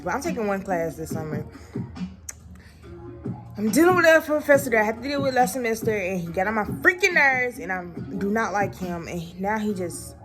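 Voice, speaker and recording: A young woman, chatting casually to her viewers in a vlog, excitable and quick to rant. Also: mid-range voice. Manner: chatty, addresses viewers as y'all, excitable and ranting. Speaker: vlogger.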